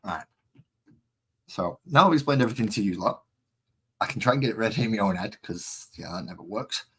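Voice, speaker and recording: A man's voice: lowish voice, lively intonation, a little fast, sharp tone, breathy edge. A man with a West Midlands accent, chatting casually and rambling with self-mockery while he sets up and paints on a live stream. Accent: West Midlands English.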